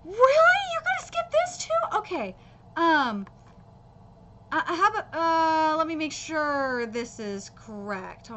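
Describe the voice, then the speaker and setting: A woman's voice: sits high, very animated, slow pace, noisy background. A woman streamer ranting through a live anime reaction, exasperated and profane, with frequent fillers and restarts.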